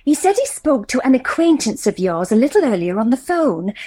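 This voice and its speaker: A flustered, polite woman, played by an actress helping run nativity auditions in an audio comedy. Her voice sits high and moves about a lot. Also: sing-song, brisk, dark tone, husky, dry recording, exaggerated voice.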